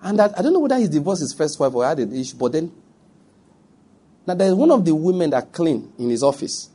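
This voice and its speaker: A man's voice: a little high, very animated, a little fast, mellow, breathy edge. A middle-aged Nigerian man preaching a sermon, emphatic and direct, repeating his points and speaking straight to his listeners.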